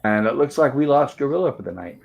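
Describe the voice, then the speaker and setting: A man's voice: medium pitch, expressive, fast talker, gravelly, dull audio, a little hiss or hum. Chatty male livestream host. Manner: chatty, narrates scenes and reads chat aloud with small laughs. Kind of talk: casual live commentary reading chat.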